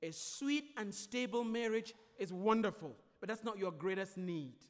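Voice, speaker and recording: A pastor with a high-pitched, expressive voice preaches a sermon at a moderate pace, driving points home through repetition. He swings emphatically between loud declarations and softer explanation, and the recording has a long hall reverb.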